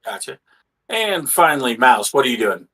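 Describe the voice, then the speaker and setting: A man running a tabletop game as game master, casual and halting with many fillers. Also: medium pitch, very animated, fairly bright tone.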